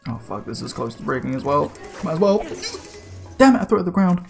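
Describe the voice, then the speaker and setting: Excitable, lively-voiced man gaming. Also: on the high side, quick pace, gravelly, faint music behind. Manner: excitable, swearing, slangy, yelps and exclamations. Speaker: let's play gamer. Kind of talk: casual gameplay commentary.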